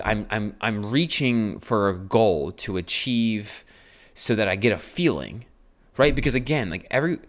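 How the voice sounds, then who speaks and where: A lowish-voiced coach from New Jersey hosts a podcast, giving a casual monologue that's emphatic and repetitive. He swears frequently and asks plenty of rhetorical questions.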